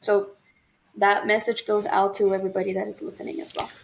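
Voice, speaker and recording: A woman's voice: medium pitch, level tone, fairly quick, gravelly. A young woman co-hosting a podcast in casual chat, telling stories, acting out quoted voices and swearing freely. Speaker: podcast co-host.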